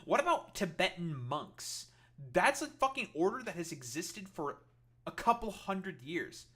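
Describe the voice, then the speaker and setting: A man's voice: sits high, big pitch swings, unhurried, sharp tone. A man streamer reacting to a clip, ranting in a heated, sarcastic, profane way. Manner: sarcastic, heated, swears constantly.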